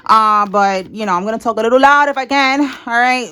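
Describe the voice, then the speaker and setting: Tarot reader, woman, a little high, blunt and emphatic, swears casually, chatty delivery. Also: fairly quick, sharp tone, smooth. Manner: blunt, emphatic, swears freely, repeats "all right?". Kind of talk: casual tarot reading to viewers. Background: people talking in the house.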